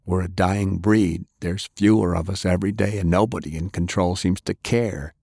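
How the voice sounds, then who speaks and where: A man's voice: low voice, steady tone, moderate pace, vocal fry, mellow, husky, dry recording, clean studio sound, heavily acted. A man playing a grim, weary old knight. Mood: somber. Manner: somber, resolute. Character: grim older male knight, weary leader.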